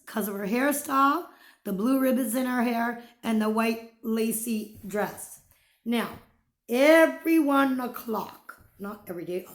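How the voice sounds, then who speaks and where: A woman vlogger telling a personal ghost story in a casual, dramatic way, dropping to whispers and swearing freely. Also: fairly high pitch. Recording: echoey room.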